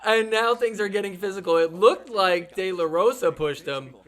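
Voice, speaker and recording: A man hosting a podcast who gives excitable, joking recap commentary over match clips and swears freely. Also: sits high, moderate pace. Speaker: podcast host.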